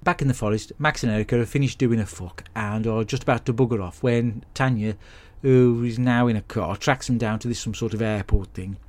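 A man hosting a podcast, recapping a film in a sweary, deadpan, blokey monologue. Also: mid-range voice, brisk. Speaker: podcast host. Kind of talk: comic film review monologue.

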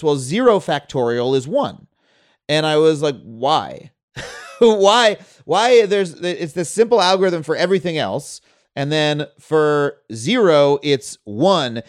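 Energetic man, higher-pitched voice. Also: moderate pace. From Long Island, US. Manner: energetic storyteller, laughs often. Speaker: host. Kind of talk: casual conversation.

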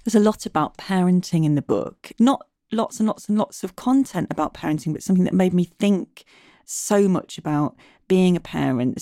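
A woman's voice: low-pitched, warm tone, dry recording, clean studio sound. A woman hosting a podcast, asking carefully worded, articulate questions. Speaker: podcast host. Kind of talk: interview questions.

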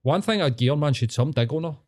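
A man's voice: on the high side, animated, quick pace, a little mellow. A man with a Scottish accent, hosting a casual podcast chat and telling blunt, sweary stories. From Scotland. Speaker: podcast host.

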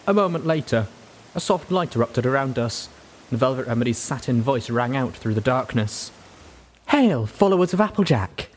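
Male narrator, measured dramatic storytelling, lowish voice, faint rain hiss. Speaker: audiobook narrator. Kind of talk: scripted narration.

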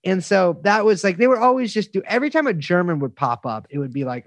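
A man's voice: sits high, sing-song, fast talker, no room sound. A man telling stories as an interview guest, rambling through restarts and fillers and swearing freely. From United States. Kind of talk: casual storytelling interview.

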